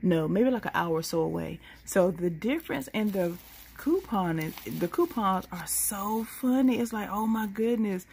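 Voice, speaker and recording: A woman's voice: medium pitch, animated, unhurried, creaky, a little mellow, slight background noise. A sleepy woman, rambling through a casual late-night vlog into a handheld phone. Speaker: couponing vlogger.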